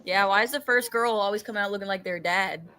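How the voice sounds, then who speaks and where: A young woman guest in a casual chat, telling animated stories with frequent giggles. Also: medium pitch, fairly quick. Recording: noticeable background noise.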